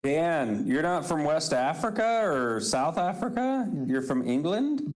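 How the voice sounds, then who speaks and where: A man's voice: fairly high pitch, sing-song, unhurried. A man with an American accent, joking and teasing in a casual live-stream chat.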